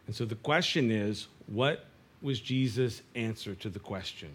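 A man's voice: mid-range voice, unhurried, fairly bright tone, slightly rough. A man preaching a conversational sermon, acting out the dialogue of the figures in the story. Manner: conversational preaching, acts out dialogue, frequent restarts. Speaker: pastor.

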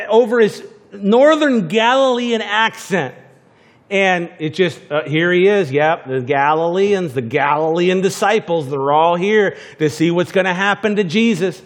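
A man preaching a conversational sermon, chatty and full of restarts and asides. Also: high voice. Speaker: pastor.

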